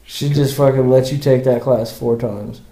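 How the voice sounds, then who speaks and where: A man's voice: mid-range voice, fairly even intonation, moderate pace, warm tone. A young man co-hosting a podcast, teasing and laughing in casual chat. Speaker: podcast co-host. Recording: echoey room.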